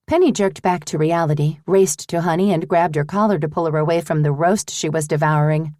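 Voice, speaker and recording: A woman narrating an audiobook in a measured, even way. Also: low-pitched, dry recording, clean studio sound.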